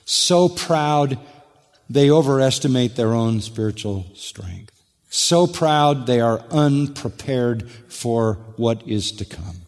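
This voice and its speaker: A man preaching a sermon, emphatic, slowing down and dropping low and quiet on key words. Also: lively intonation. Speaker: pastor. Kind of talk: expository sermon. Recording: long hall reverb.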